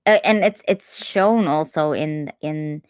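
A woman co-hosting a podcast, chatting casually about a film, animated and laughing often, with frequent restarts. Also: low-pitched, takes it slowly, clear, resonant tone, no room sound, studio quality. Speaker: podcast co-host. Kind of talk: casual film review chat.

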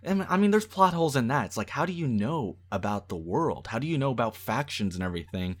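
A man in casual conversation, reviewing a movie with exasperated, animated delivery and acted-out quotes. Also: medium pitch, quick pace.

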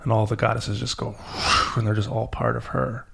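Gravelly-voiced man telling a story. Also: fairly low pitch, brisk. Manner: animated storyteller, acting out characters. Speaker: podcast host. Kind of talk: storytelling to a child.

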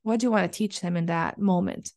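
A woman's voice: on the low side, brisk, darkish tone. A woman hosting a solo podcast, talking earnestly and encouragingly to parents, often repeating phrases for emphasis. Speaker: podcast host. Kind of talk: solo podcast coaching talk.

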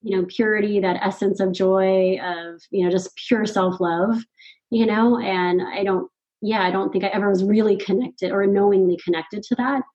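Animated woman telling a personal story. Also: mid-range voice, normal speed, dull audio. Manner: animated, laughs often, quotes her own thoughts. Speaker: podcast guest. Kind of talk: casual conversational storytelling.

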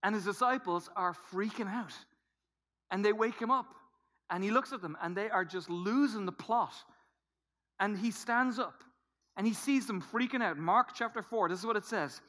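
Bright-voiced pastor man, dramatic whispers. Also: high voice, moderate pace. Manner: dramatic, swings between soft whispers and loud emphatic bursts. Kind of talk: sermon.

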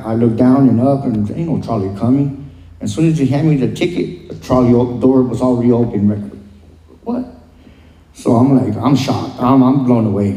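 Man, testimony style, very mellow dark tone, hesitant delivery. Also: medium pitch. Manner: halting, full of "um" and "you know". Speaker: guest sharing his recovery story. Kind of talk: personal testimony. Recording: roomy echo.

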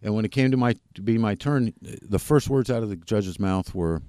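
A man, a podcast guest, candidly telling his personal recovery story in a plain-spoken, halting way with frequent restarts. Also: on the low side, warm tone, dry recording, clean studio sound.

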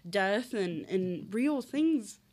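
A woman's voice: mid-range voice, expressive, very slow, a little mellow. A woman in her twenties talking earnestly in casual conversation, with many fillers. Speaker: guest.

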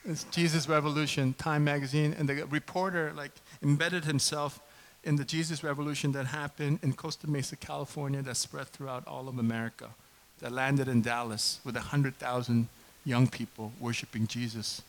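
Animated pastor man in his fifties. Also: mid-range voice, normal speed, low-quality recording. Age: 50s. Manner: conversational, animated, asks congregation questions. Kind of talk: sermon.

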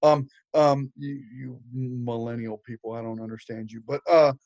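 A man's voice: mid-range voice, steady tone, normal speed, darkish tone, dry recording, highs cut off. An older man preaching, telling a story with humor, with frequent fillers and restarts. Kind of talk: storytelling sermon.

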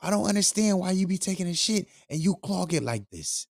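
A man's voice: high voice, lively intonation, a little fast, vocal fry, a little mellow, dry recording, studio quality, pitched above the performer's own voice, heavily acted. A man mimicking his nagging old grandma. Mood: scolding. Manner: nagging, scolding. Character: scolding old grandma, strict and exasperated.

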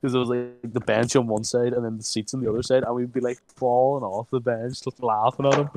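A young man, chatting casually with friends and telling school stories, full of "like" fillers and bursts of high laughter. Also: fast talker, poor audio. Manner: animated storytelling, many "like" fillers, breaks into high laughter. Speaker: friend reminiscing. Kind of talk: casual chat.

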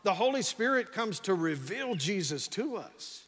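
High-voiced preacher in a reverberant hall. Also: male voice, a little slow. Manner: energetic preaching with frequent "come on" and repeated restarts. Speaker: pastor. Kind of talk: sermon. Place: church sanctuary. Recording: long reverb of a large church hall.

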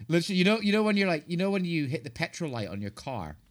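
A man in his thirties, a podcast co-host, exhausted from lack of sleep and telling stories in animated, chatty conversation. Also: on the high side, very fast. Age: 30s. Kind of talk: casual chat.

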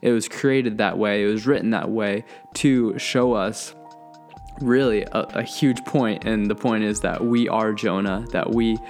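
A man's voice: on the low side, a little slow, darkish tone, faint music behind. A young man chatting casually to his viewers in a laid-back way, with lots of fillers and easy laughs. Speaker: vlogger. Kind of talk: casual talk.

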